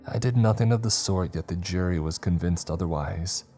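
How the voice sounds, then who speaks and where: A man's voice: low-pitched, normal speed, warm tone, soft background music. A man voicing a meek, prim young woman patient who speaks formally and whimpers. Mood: distraught.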